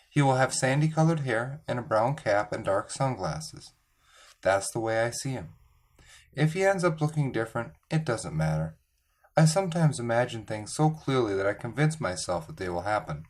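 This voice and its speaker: Calm man reading a storybook aloud. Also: lowish voice. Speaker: audiobook reader. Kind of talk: scripted narration of a children's novel.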